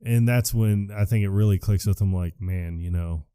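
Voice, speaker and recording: A man co-hosting a casual movie podcast, recapping scenes in a low, mellow voice. He keeps breaking into lively impressions of the characters. The close mic sounds dry and free of room echo. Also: clear, resonant tone. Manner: acts out movie lines in quick impressions, laughs often. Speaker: podcast co-host.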